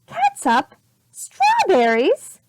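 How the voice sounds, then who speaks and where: A woman reading a storybook aloud and voicing a fussy young mother who exclaims in a shrill voice. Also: big pitch swings, normal speed, slight background noise. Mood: upset.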